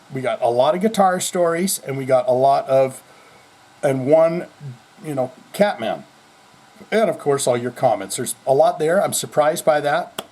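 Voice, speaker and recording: A man hosting his own heavy metal news podcast from home, rambling and joking with a lot of swearing. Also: on the high side. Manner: rambling, jokey and profane with sudden swings in loudness. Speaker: podcast host. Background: people moving things around.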